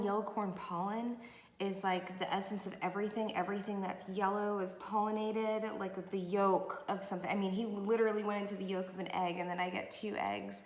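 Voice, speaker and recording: A woman's voice: mid-range voice, roomy sound. A woman doing a late-night tarot reading, talking in a meandering, emotional way to her viewers. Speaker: tarot reader. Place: room at night.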